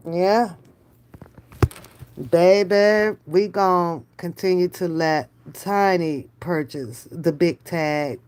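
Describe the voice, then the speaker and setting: A woman hosting a casual reaction vlog, slangy and emphatic, with frequent laughter. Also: medium pitch. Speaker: reaction channel host.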